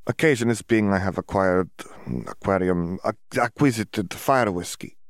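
A man's voice: sits low, animated, normal speed, darkish tone, no echo, clean studio sound. A man voicing a cheerful young foreign wizard student in an audiobook, who stammers and hunts for words in broken English.

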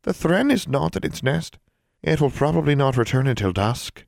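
A man's voice: animated, normal speed, creaky, a little mellow, no echo. A man voicing a small wrinkled male elf who speaks in a stiff, formal, disapproving way. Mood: prim, stiff. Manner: formal, stiff, high-pitched speech. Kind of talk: audiobook character voice.

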